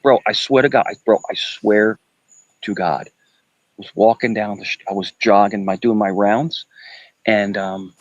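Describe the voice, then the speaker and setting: A man from Queens, New York chatting casually on a live stream, rambling and repeating himself with animated energy. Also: lowish voice, moderate pace, highs cut off.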